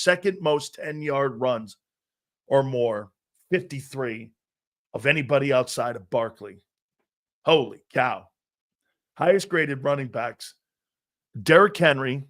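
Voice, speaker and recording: A man hosting a live sports talk show, brash and animated, talking back to his chat and laughing at himself. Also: medium pitch.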